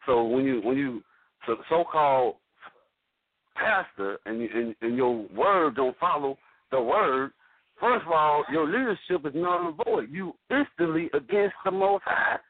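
Male caller in a heated on-air argument, halting delivery, dry phone-line audio. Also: on the high side, lively intonation, no echo. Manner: halting, stumbles and restarts while arguing. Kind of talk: heated call-in radio debate.

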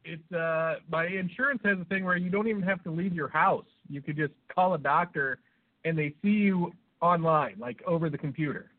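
This man's fairly high voice moves at a moderate pace as he co-hosts a podcast, stuffed up with a cold. He wanders through crude banter, chuckling at his own jokes, and the audio sounds tinny, like a phone.

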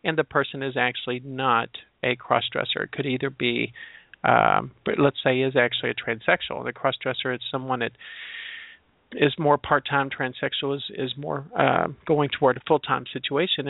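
A mid-range, creaky male voice comes through a dry, tinny phone line. The speaker, a transgender educator, reflects thoughtfully on labels, working out his views through personal examples.

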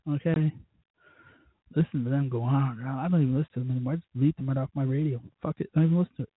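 A man's voice: mid-range voice, steady tone, rapid-fire, a little hiss or hum. A man hosting his own talk show, ranting heatedly about politics and cursing freely. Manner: heated, cursing, mocks others in put-on voices. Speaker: show host. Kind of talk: profane political rant. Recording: dry, tinny phone-like sound.

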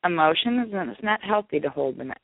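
Gravelly co-host woman on a phone line. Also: lowish voice, lively intonation, a little fast, no echo. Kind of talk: casual live call-in show chat. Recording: tinny phone-line sound.

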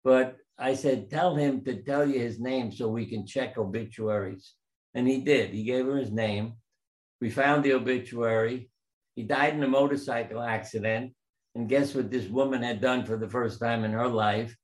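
Older man telling lively stories. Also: mid-range voice, normal speed, rough recording. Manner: animated anecdotes, acts out quoted voices. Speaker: guest surgeon and author. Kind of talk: storytelling interview.

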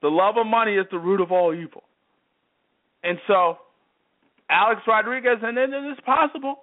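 Heard through thin phone-line audio, a man with a high-sitting voice and moderate pace runs a sports radio segment. His commentary is heated and emphatic, repeating the same phrases over and over.

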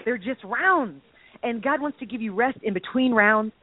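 A woman co-hosting a faith chat, bubbly and quick to burst into laughter as she acts out lines. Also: on the high side, lively intonation, breathy edge. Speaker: podcast co-host. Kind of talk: casual chat about faith. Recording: tinny phone-like line.

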